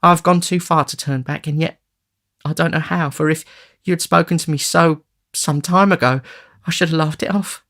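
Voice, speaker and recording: Desperate tearful young streetwise woman, a guy voicing her in a storybook reading, pitched way up. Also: steady tone, moderate pace, fairly bright tone. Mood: anguished. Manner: pleading, tearful.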